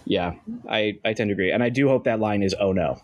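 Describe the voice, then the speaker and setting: A man's voice: fairly low pitch, quick pace, a little hiss or hum. A man co-hosting a podcast in casual, joking chat, trailing off with fillers. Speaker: podcast co-host.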